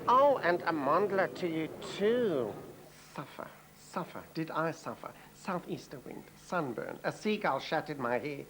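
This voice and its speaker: A man's voice: a little high, lively intonation, moderate pace, hardly any pauses, a bit bright, slight background noise, poor audio. A man playing a brash, gossipy middle-aged woman socialite with a South African accent in a sitcom. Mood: chatty. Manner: gossipy, theatrical, calls people doll. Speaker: lead comic character. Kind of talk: sitcom comedy acting.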